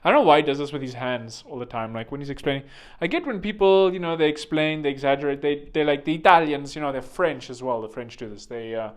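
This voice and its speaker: A man's voice: on the high side, lively intonation, brisk, hardly any pauses, smooth. A man hosting a vlog with rambling comedic commentary, joking and digressing, full of fillers. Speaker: vlog host.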